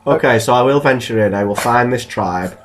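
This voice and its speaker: A man's voice: medium pitch, a little fast, a little hiss or hum. A man, co-hosting a podcast and rambling through jokey stories in casual chat. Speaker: podcast co-host.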